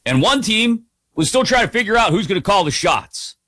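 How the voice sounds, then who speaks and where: A man hosting a national sports radio show, opening it in an energetic, playful way. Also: sits high, moderate pace, no echo, studio quality. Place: radio studio.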